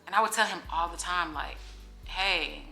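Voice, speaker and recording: A woman's voice: fairly low pitch, quick pace, bright, forceful tone. A woman in her forties, a vlogger chatting candidly to camera in a casual Q&A, open and emotional. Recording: echoey room with faint music.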